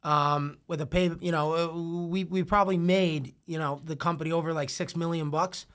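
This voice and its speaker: This young entrepreneur, a guest in a casual podcast chat, tells rambling, profane stories heavy with filler like "like." His fairly high voice is steady and a bit bright, clear and resonant, at a moderate pace.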